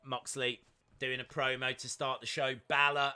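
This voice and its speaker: Chatty bright-voiced man reacting live. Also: medium pitch, level tone, normal speed, clean tone. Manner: chatty, upbeat, many fillers, reads out chat. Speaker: live-stream reaction host. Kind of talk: casual live wrestling watch-along commentary.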